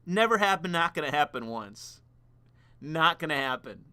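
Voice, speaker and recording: Give me a rambling, foul-mouthed young man on a stream, with a smooth, clear voice. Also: on the high side, lively intonation, moderate pace, pushed and bright. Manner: rambling, profane, laughs at himself. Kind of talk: casual stream commentary.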